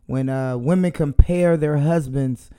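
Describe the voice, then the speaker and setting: A man's voice: on the high side, a little slow, warm tone, smooth. A man co-hosting a podcast in casual chat, joking and easygoing. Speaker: podcast co-host.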